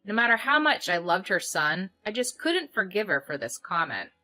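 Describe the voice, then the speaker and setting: A woman narrating a story in the first person with steady recounting. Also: mid-range voice, normal speed, faint music behind.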